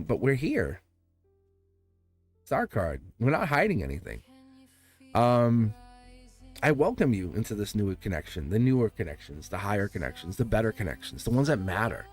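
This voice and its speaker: A man doing a live tarot reading, fervent and reassuring, repeating phrases and laughing often. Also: medium pitch. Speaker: tarot reader.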